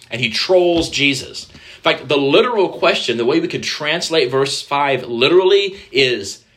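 A man's voice: mid-range voice, expressive, moderate pace, a bit bright. A man preaching a conversational sermon, speaking directly to the children in the congregation and acting out quoted voices. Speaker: pastor.

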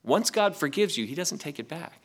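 A man's voice: fairly high pitch, lively intonation, fairly quick. A man preaching a sermon, reading scripture aloud and asking the congregation rhetorical questions in a conversational way. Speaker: pastor.

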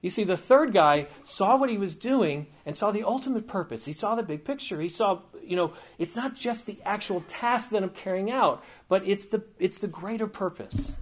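Man preaching in a slightly higher, chatty voice. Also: lively intonation, normal speed. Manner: informal and digressive, with frequent asides and light humor. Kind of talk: conversational teaching sermon.

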